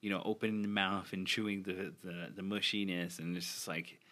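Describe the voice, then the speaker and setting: A young man with a lowish but bright, forward voice, chatting casually. He sounds eager and upbeat, tripping over his words as he restarts sentences. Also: fairly even intonation, fairly quick. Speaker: podcast co-host, new father. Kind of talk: casual chat.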